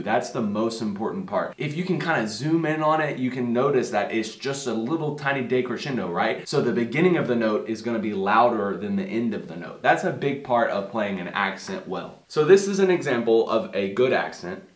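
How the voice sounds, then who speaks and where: A man's voice: medium pitch, a bit bright. Tuba teacher man in a roomy space. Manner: friendly, explanatory, sings tuba syllables. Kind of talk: music lesson. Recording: roomy echo.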